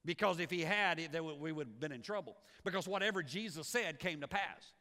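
A man preaching a sermon as pastor, animated and repeating words as he builds each point. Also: fairly high pitch, brisk. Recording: long hall reverb.

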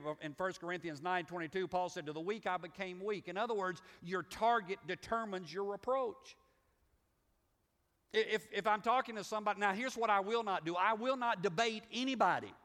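A man's voice: high-pitched, fairly bright tone, big-room sound. A middle-aged man with a Southern US accent preaching a sermon as pastor, in a folksy, conversational way with restarts and repeats. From Southern United States.

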